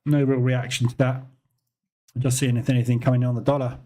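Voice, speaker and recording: A man's voice: medium pitch, flat delivery, a little fast, dark tone. A man hosting a live trading stream, talking casually and incredulously, often laughing. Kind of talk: live market commentary.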